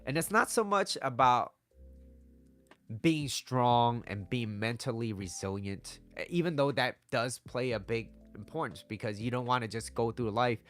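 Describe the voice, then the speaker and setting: Blunt, swearing advice-vlog man, mid pitch. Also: normal speed, a bit bright, faint music behind. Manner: blunt and conversational, swears, keeps asking "right?". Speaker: dating and relationship advice vlogger. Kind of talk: casual motivational talk to camera.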